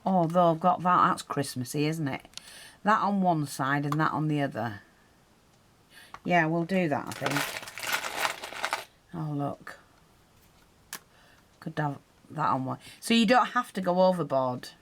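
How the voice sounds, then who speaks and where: A woman's voice: sits low, expressive, measured pace, pauses often, noisy background. A woman teaching a hands-on craft tutorial, chatting and explaining as she works, her breathing audible while she concentrates.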